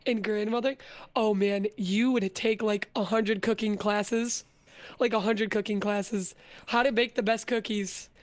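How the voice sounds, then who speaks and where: A young adult woman chatting playfully as a guest, quick to laugh and animated. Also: mid-range voice. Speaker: vtuber guest. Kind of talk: playful casual chat.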